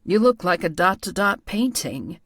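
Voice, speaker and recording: A woman narrator voicing a blunt, bossy man with a theatrical, cutting way of talking, a bit lower than her own voice. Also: sing-song, moderate pace, a bit bright, no echo, studio quality. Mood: sassy, blunt. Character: blunt, sassy man, bossy fashion critic.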